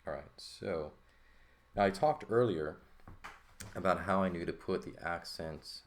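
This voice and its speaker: A man teaching a language lesson in a relaxed walkthrough, thinking aloud and often checking in with "right?". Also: sits low, a little slow, a little hiss or hum. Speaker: Greek teacher.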